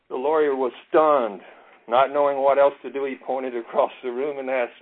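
A man leading a Bible study in a relaxed, self-deprecating way, reading scripture aloud and drawing out key words. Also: mid-range voice, normal speed. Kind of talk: casual teaching with scripture reading. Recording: tinny phone-like audio.

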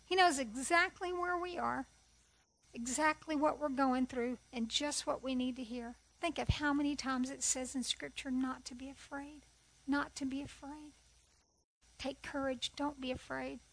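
A woman's voice: high-pitched, fairly even intonation, measured pace, creaky, fairly bright tone, low-quality recording. A middle-aged woman sharing a personal testimony at a women's conference, earnest and conversational, often asking rhetorical questions. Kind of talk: testimony sermon.

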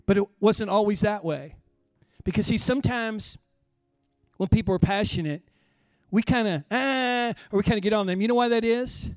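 A middle-aged male pastor with a strikingly high voice preaches with passion, sinking to near-whispers and then climbing to full shouts. The sound is close and dry, with faint music underneath. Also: normal speed, no echo. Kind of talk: sermon.

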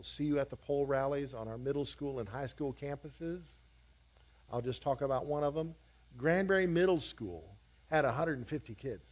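A man's voice: mid-range voice, darkish tone, slightly rough. A male pastor encouraging his congregation and giving church announcements. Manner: encouraging, declarative.

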